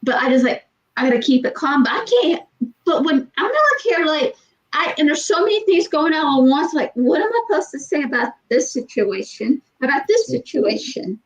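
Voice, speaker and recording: A woman with a fairly high voice tells loose, rambling stories in an easygoing chat. She often slips into acting out other people's lines. The audio is dull and lo-fi. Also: fairly quick. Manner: rambling, animated storytelling with acted quotes. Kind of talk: casual chat.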